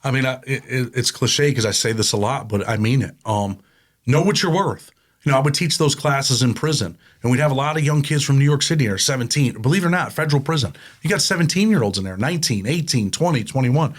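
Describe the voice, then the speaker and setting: A middle-aged man talking as a guest in a casual interview, telling stories in animated, plain street talk. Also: medium pitch, quick pace. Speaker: guest, prison consultant.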